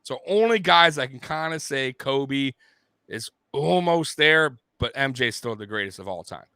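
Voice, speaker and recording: A man's voice: medium pitch, moderate pace, clear, resonant tone, dry recording. Profane, fired-up male sports host. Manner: blunt, profane, animated fan rant. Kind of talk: casual sports rant.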